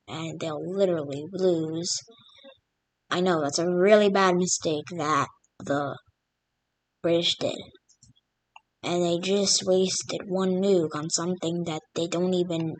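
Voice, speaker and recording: A woman's voice: lowish voice, dry recording. A woman casually narrating over a map, rambling with many fillers. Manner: rambling, full of fillers like "literally" and "like". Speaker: map video creator.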